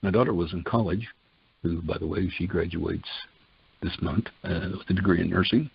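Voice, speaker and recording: A man's voice: deep voice, brisk, vocal fry, breathy edge, no room sound. An older man giving a personal testimony in a folksy way, retelling conversations line by line in quotes. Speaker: testimony speaker. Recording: dull lo-fi dry recording.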